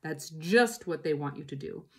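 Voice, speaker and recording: A woman's voice: expressive, normal speed, breathy edge, exaggerated voice. A woman voicing a stern, careful mother fox in a storybook reading. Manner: firm and low.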